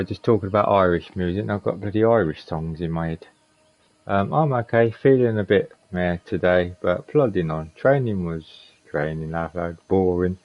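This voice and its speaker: A man's voice: sits low, moderate pace, dull audio, faint music behind. A man, a streamer chatting casually and repeating himself while he plays. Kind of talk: casual chat while gaming.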